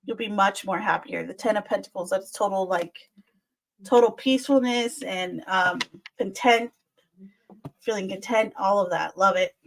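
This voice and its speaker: A woman's voice: medium pitch, normal speed, gravelly, low-quality recording. A woman doing live-stream tarot readings, chatty and soothing, calling viewers "my dear" and "lovey". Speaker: tarot reader.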